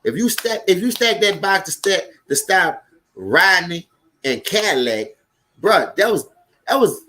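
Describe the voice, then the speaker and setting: Man, New Orleans accent, high-pitched, loud and profane, live sports chat host. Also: measured pace. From Louisiana. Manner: loud, profane, animated, chatting with viewers. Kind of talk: casual live sports commentary.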